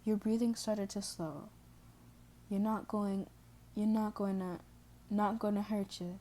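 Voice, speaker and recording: A woman reading the lines of a hot-tempered young male mutant turtle, shouting at first and then hushed and gentle, in her own mellow voice. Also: medium pitch, steady tone, unhurried, close to an everyday voice. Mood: soothing.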